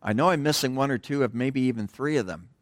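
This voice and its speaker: Middle-aged male pastor, relaxed conversational sermon, rambly asides, trails off quietly, dry close sound. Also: mid-range voice, quick pace, dry recording. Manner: digressive, drops to a hush at phrase ends. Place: church.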